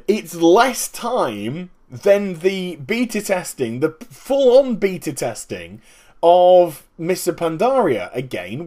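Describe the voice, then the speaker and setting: A man hosting a casual gaming commentary vlog, talking in an animated, emphatic way and explaining things step by step. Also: high voice. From Northern Hemisphere. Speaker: gaming video host.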